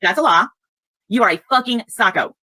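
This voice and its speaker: A woman's voice: mid-range voice, lively intonation, a little fast, bright, forceful tone, no room sound, poor audio. A woman calling into a livestream, taunting and mocking the host in a profane argument. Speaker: guest caller.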